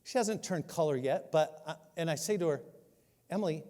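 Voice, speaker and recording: A man in his sixties preaching a sermon, telling a funny story with self-mocking humor and animated delivery. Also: on the high side, normal speed, long pauses. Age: 60s. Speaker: pastor. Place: church sanctuary. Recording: long hall reverb.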